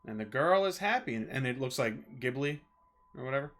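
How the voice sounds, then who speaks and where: A man's voice: medium pitch, animated, fairly quick, fairly bright tone. A man playing a tabletop game, hesitant and full of ums as he talks. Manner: hesitant, lots of ums and restarts. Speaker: player. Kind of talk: casual play at a tabletop game.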